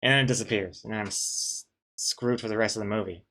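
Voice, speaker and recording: A man's voice: lowish voice, fast talker, bright, forceful tone. Man, webcomic artist, casual live-stream chat, dry joking banter, rambling. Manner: rambling, frequent restarts.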